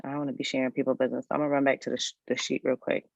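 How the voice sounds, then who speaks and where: A woman's voice: extremely low pitch, flat delivery, very fast, gravelly, dry recording, muffled recording. Chatty woman on a livestream. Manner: chatty and folksy, talks straight to viewers. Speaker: HR career coach hosting a live resume review. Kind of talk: casual livestream chat.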